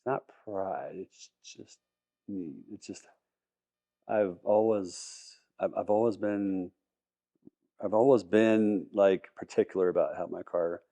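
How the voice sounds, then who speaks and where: A man's voice: low-pitched, dark tone. A man talking casually as a podcast guest, enthusiastic and rambling, with many restarts. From Colorado, US. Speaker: podcast guest, car collector. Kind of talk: casual interview talk.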